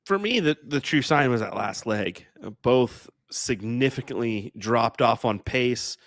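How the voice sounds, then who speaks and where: A young man co-commentating on darts in a casual, measured and analytical way, with frequent fillers. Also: mid-range voice, lively intonation, dry recording, studio quality.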